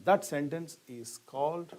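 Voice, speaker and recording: A man's voice: a little high, measured pace, darkish tone. A middle-aged man, teaching a grammar lesson and asking the class questions that he then answers himself, leaning hard on key words. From India.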